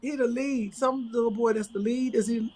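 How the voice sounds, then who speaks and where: A woman co-host telling a story as an animated rant in casual chat. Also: on the high side, moderate pace, husky, low-quality recording.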